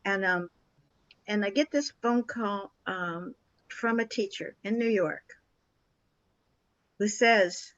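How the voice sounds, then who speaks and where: An older woman, a guest on an interview show, telling a story in a lively, animated way and acting out the people in it. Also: mid-range voice, slow pace, pauses often, dry recording, muffled recording. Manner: animated storyteller who acts out quoted dialogue.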